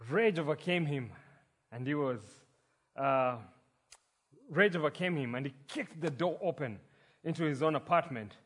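Male pastor, sermon, husky voice, fairly high pitch, earnest storytelling. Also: lively intonation, moderate pace, long pauses, fairly bright tone. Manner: earnest, storytelling, some restarts. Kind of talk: sermon with prayer and joke.

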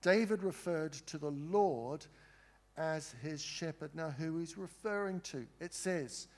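A male pastor delivering a sermon in a slightly raised voice. He speaks slowly and earnestly, leaning on pauses and asking his listeners questions. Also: on the high side, darkish tone. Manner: earnest, with slow emphatic pauses and questions to the congregation.

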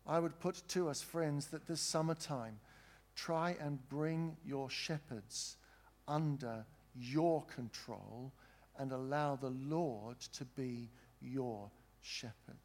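Slow, earnest male preacher. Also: mid-range voice. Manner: earnest, with slow emphatic pauses and questions to the congregation. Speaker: pastor. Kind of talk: sermon.

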